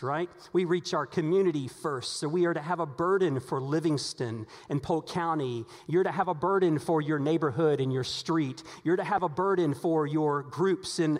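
A man preaching a sermon as pastor, telling stories animatedly, his voice climbing when excited. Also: fairly high pitch. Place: church sanctuary. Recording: long hall reverb.

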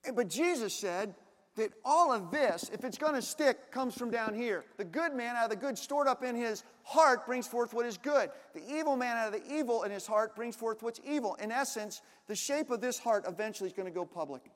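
Man, pastor, sermon, very high voice, dynamic delivery, loud bursts and quiet asides, long hall reverb. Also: lively intonation, brisk.

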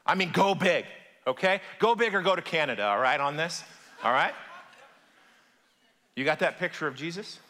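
Male pastor telling a story mid-sermon, bright forceful voice, big echoey church sound. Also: sits high, brisk, long pauses. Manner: animated storyteller, conversational and direct with the congregation. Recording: long hall reverb.

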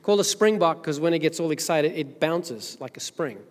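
A woman's voice: sits low, fairly quick. A woman from Zimbabwe preaching a casual, chatty sermon as senior minister, with joking asides to the congregation. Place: church sanctuary. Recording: long hall reverb.

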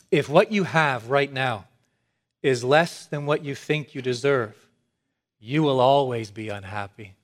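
Slow, emphatic male preacher. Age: adult with young children. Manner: builds from low measured tones to excited, emphatic preaching. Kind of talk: sermon.

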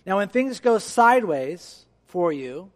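A male pastor giving an animated sermon in a church, acting out dialogue as he preaches. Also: sits high, a little slow, in a large hall. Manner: animated, acts out dialogue with God.

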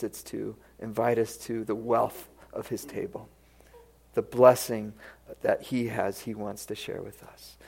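A man preaching a sermon, telling a parable in a storytelling manner that often drops to a hush and then rises again. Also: medium pitch, gravelly.

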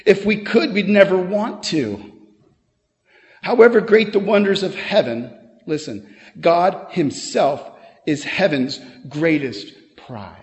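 A pastor delivers his sermon with earnest conviction, building to emphatic peaks before dropping into quick, chatty asides. He is a man with a somewhat raised pitch. His voice rings out through a church sanctuary with a long, lingering reverb.

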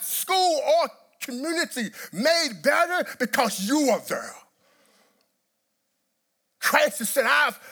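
Impassioned preacher man, lively swooping delivery. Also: very high voice. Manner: impassioned preaching with repetitions and sudden emphatic bursts. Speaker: pastor. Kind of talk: sermon.

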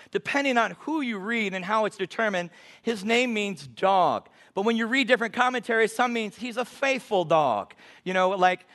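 High-voiced emphatic man preaching. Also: a bit bright. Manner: emphatic, slows down for scripture quotes. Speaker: guest preacher. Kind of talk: sermon.

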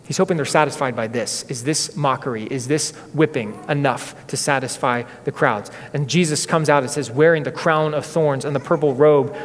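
In this sermon, a male pastor tells a story with earnest drama, his voice pitched a bit high for a man. He keeps a moderate pace with few pauses, and the church sanctuary adds a long hall reverb that lingers after each phrase.

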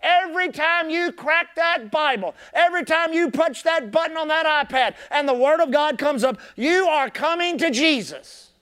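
A man preaching a sermon as pastor, impassioned and repeating his key phrases, swinging from shouted emphasis to soft, low asides.

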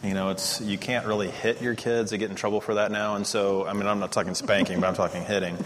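A middle-aged man giving a casual teaching talk on parenting, animated and self-mocking. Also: fairly low pitch, fast, big-room sound. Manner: animated storytelling, laughs at himself.

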